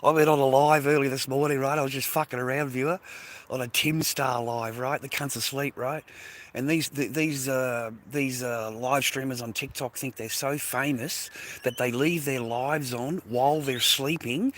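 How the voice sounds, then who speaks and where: A man's voice: mid-range voice, steady tone, normal speed, a bit bright. A middle-aged Australian man rambling in a casual, profane monologue to camera outdoors by the water. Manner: profane, rambling, slangy, repeats himself. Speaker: vlogger.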